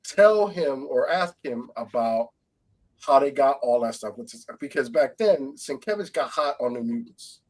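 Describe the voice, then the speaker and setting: A man's voice: mid-range voice, lively intonation, moderate pace. A man on a casual podcast panel who talks eagerly and urges the others on. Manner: eager, urging.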